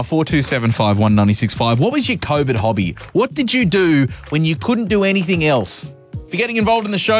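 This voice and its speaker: A young Australian man hosting a radio show, chatting casually and rambling, correcting himself as he goes. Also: fairly high pitch. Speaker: radio host. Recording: radio broadcast with faint music.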